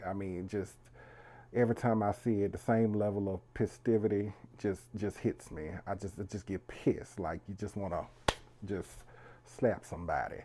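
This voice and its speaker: Man, channel host, low voice, mellow tone, chatty. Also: fairly even intonation, normal speed, a little hiss or hum. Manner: chatty, keeps calling viewers "y'all". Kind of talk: casual video commentary.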